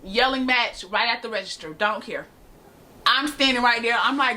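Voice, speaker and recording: Bright-voiced young woman telling a story. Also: a little high, brisk. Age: young adult. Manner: animated, slangy, laughs often. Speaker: storytime vlogger. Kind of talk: casual storytime to camera. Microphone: camera mic.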